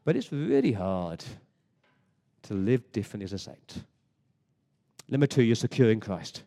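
A man's voice: on the low side, big pitch swings, normal speed, mellow, in a large hall. An English man preaching a sermon in a church, emphatic, with rhetorical questions and frequent word repeats. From England. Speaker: pastor. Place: church service.

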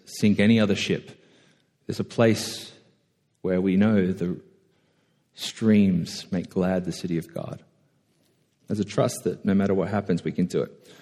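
A man preaching a conversational sermon, self-deprecating and animated when telling stories. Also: lowish voice. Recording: echoey hall.

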